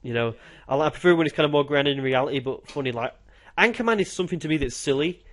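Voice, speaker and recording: A young man from the UK co-hosting a podcast, chatting casually about films and acting out favourite scenes with quick, animated retelling. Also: on the high side, slight background noise. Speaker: podcast co-host.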